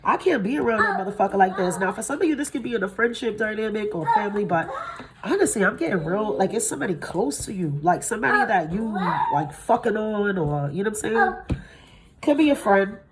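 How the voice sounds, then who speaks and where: A woman's voice: fairly quick, a crowd in the background. Blunt, profane woman reading tarot cards. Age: 30s. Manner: blunt and profane, swears freely; animated, jumps up in pitch when excited. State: tired from little sleep. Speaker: tarot reader.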